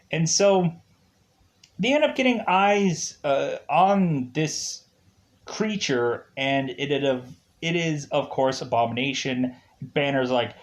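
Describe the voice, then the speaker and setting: A man's voice: fairly high pitch, expressive, takes it slowly. A man casually reviewing a movie, laughing often and acting out quotes as he retells it.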